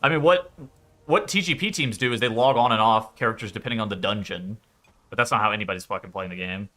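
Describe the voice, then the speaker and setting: A man's voice: on the low side, fast talker, sharp tone. A man chatting casually on a game stream, rambling, swearing freely and laughing often.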